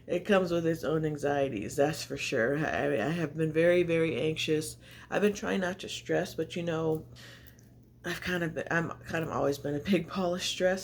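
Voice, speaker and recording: Woman vlogger, gravelly, chatty and confessional, slightly breathless. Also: deep voice, slight background noise. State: often out of breath. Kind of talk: casual vlog chat to camera. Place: home, indoors by natural light.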